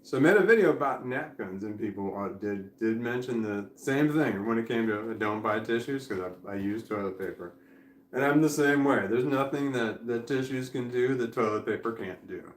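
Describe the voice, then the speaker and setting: A drowsy man talks candidly on a live stream from his home, drifting from thought to thought. He swears freely and laughs between his ideas, his voice sitting at an ordinary middle pitch. The room around him adds a noticeable echo. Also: moderate pace. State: drowsy and foggy. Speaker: vlogger. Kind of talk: rambling live stream monologue. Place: indoors at home.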